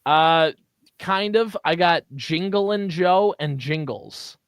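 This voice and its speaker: A man's voice: a little high, smooth, no room sound. A man co-hosting a morning sports radio show, running a quiz game and teasing his partner as he drags out the clues. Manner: teasing quizmaster, drawls clues slowly. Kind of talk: casual sports radio banter.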